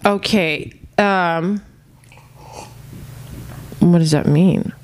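A woman's voice: on the low side, drawn-out words. A young woman hosting a casual podcast chat, reading listener questions aloud and answering bluntly with frequent laughs. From Arab family. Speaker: podcast host.

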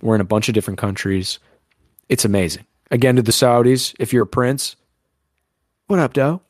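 A man with a fairly low voice co-hosts a podcast in loose, rambling banter. He jokes crudely and drifts between tangents. The sound is close and dry. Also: fairly quick, no room sound. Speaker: podcast co-host.

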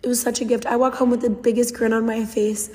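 A woman's voice: fairly high pitch, flat delivery, quick pace, a little mellow, long reverb tail. A young adult woman hosting a podcast, telling a heartfelt story in an earnest, casual way and acting out quotes. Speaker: podcast host.

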